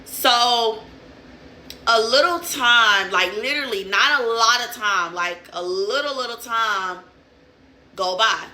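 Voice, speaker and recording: A woman's voice: on the high side, slow, bright, forceful tone, a little hiss or hum. A young woman telling a story in casual, profane, streetwise slang.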